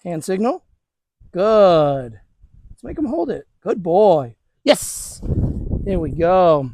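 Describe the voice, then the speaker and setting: A man with a notably high voice talks viewers through a training session, casual and encouraging as he works with a dog. He is recorded outdoors with a dry, close sound and no room echo. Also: big pitch swings, slow, warm tone. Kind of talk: hands-on training demonstration.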